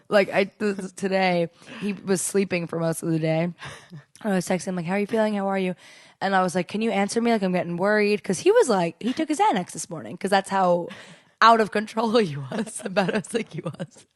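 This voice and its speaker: A woman's voice: mid-range voice, no echo. Chatty young woman, dry close sound. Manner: chatty storytelling, quick laughs. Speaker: podcast co-host. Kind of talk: casual chat.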